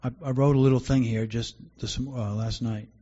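A man's voice: mid-range voice, steady tone, brisk, warm tone, muffled recording. A man preaching a sermon as pastor, earnest and conversational, often restarting his sentences.

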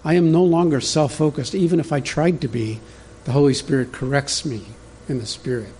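Male pastor, mid-pitched and warm, easygoing conversational sermon delivery. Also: fairly even intonation, fairly quick, a little hiss or hum. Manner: conversational, teaching from an outline, talks directly to the congregation.

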